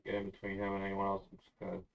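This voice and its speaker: A man's voice: low voice, monotone, racing, gravelly, muffled recording, slight background noise. A man playing in a tabletop game, talking casually and unhurriedly about his moves. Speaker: player.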